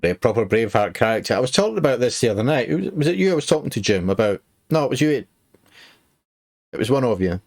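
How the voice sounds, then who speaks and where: A man's voice: mid-range voice, very animated, quick pace. A Glaswegian man streaming a game, chatting casually with his viewers and swearing now and then. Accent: Glaswegian Scottish. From Scotland. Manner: chatty, swears, talks to chat. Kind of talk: casual livestream chat.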